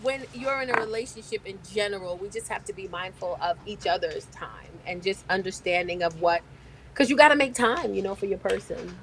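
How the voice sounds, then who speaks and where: A woman's voice: medium pitch, brisk, a crowd in the background. A woman comedian chatting casually as a podcast guest, telling stories and acting out the voices of people in them. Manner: storytelling, acts out quoted voices. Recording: noisy background hiss.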